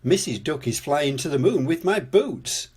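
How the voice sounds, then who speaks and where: An older man reading a storybook aloud, voicing an excited little girl piglet in a high, sing-song child voice. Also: moderate pace, husky. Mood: pleading.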